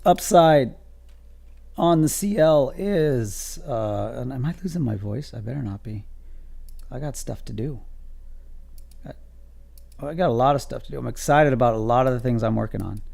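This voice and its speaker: A man's voice: mid-range voice, fairly quick, creaky, pauses often, a little mellow, husky. A man streaming his day trading live, calling out levels to viewers in a casual, joking, self-amused way.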